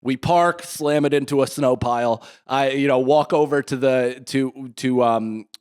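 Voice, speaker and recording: A man in his thirties co-hosting a podcast in casual chat, telling a rambling, animated story full of restarts and asides. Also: mid-range voice, measured pace, clear, resonant tone. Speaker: podcast co-host.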